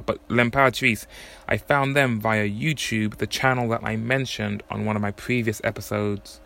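A man's voice: on the low side, vocal fry, fairly bright tone. A man hosting a solo podcast, chatting casually about music and often correcting himself as he goes. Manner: conversational, thinking aloud with frequent self-corrections. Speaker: podcast host.

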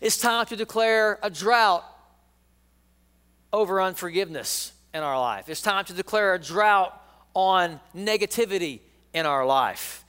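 High, smooth-voiced middle-aged man preaching. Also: expressive, unhurried, pushed and bright, in a large hall. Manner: folksy and joking, calls the congregation to repeat lines. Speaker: pastor. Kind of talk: sermon.

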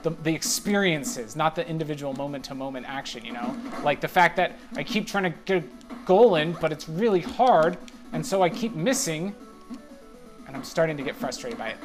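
A man's voice: fairly high pitch, animated, normal speed, soft background music. A man giving casual, rambling commentary while playing a video game, mocking his own mistakes and breaking into sudden exclamations. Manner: rambling, self-deprecating play-by-play with sudden exclamations. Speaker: let's play gamer.

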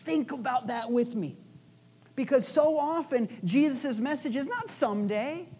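A woman's voice: high-pitched, expressive, unhurried, dark tone, slightly rough. Casual, playful woman preaching a sermon. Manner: casual, playful storytelling with asides. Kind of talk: conversational sermon.

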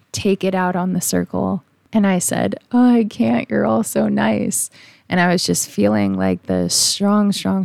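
A woman's voice: lowish voice, vocal fry, a little mellow, no room sound. A woman podcast host telling a personal story in a solo episode, earnest and emotionally open, with casual swearing.

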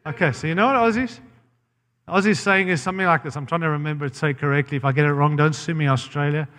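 An American man preaches with a fairly high voice, blunt and impassioned. He often cuts himself off mid-phrase and restarts. His voice rings out with a long reverb, as if in a large church hall. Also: fast talker, a bit bright. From United States. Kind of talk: sermon.

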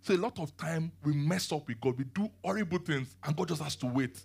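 Animated preacher man, high voice. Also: brisk, gravelly, husky. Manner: animated, questions the audience, laughs often. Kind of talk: sermon, Bible teaching.

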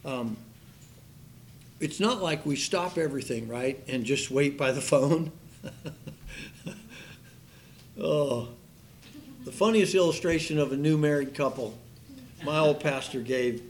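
A man's voice: fairly high pitch, slow, pauses often, a little hiss or hum. A man preaching a sermon in a folksy storytelling manner, acting out the people in his stories. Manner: folksy storytelling, acts out quoted voices. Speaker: pastor.

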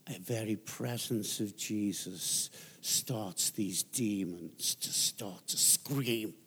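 Slow-preaching guest pastor. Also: male voice, a bit bright, slightly rough. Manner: storytelling, emphatic, rises in pitch for emphasis. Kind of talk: sermon.

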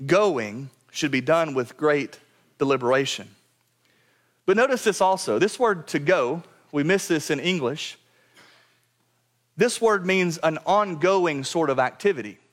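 A man preaching a sermon to his church, earnest and direct, often dropping to a quiet low voice to drive a point home. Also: lively intonation, measured pace, pauses often. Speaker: pastor. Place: church sanctuary.

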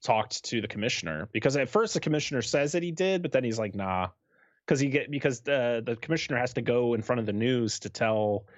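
A man's voice: mid-range voice, animated, fairly quick, no room sound. A man as a podcast guest, chatting casually and agreeably, thinking aloud. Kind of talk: casual chat. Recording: dull lo-fi sound.

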